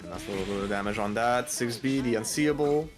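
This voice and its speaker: A young man calling a fighting game match live, excitable and quick to jump up at big moments. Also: mid-range voice, music in the background. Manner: excitable, calls plays, swings up to near shouts. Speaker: esports play-by-play commentator.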